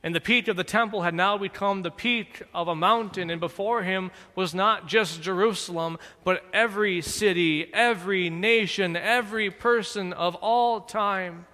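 A man giving dramatic scripted narration in a slow, deliberate, solemn manner. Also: sits high, pushed and bright, big-room sound.

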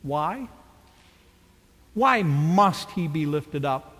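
A man's voice: fairly high pitch, expressive, extremely slow, a bit bright, big-room sound. A man preaching a sermon with dramatic rhetorical questions. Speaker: pastor.

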